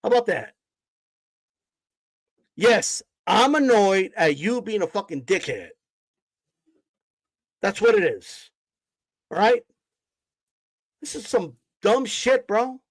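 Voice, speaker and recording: A man's voice: high-pitched, very animated, slow pace, pauses often, dry recording, low-quality recording. A man ranting on a live stream, cursing and confronting his chat in a mocking, combative way. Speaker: boxing streamer. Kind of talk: heated live-stream rant.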